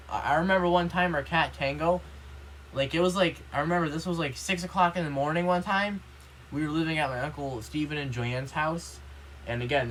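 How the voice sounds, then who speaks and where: A man's voice: fairly high pitch, fairly bright tone, slight background noise, poor audio. A man vlogging in a casual, rambling monologue, indignant and complaining, filling every line with "you know" and "like".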